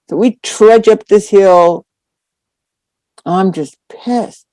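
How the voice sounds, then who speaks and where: A woman dharma teacher telling a personal story in a dharma talk, animated and full of acted-out quotes. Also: mid-range voice, slow, long pauses, no echo. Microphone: online call.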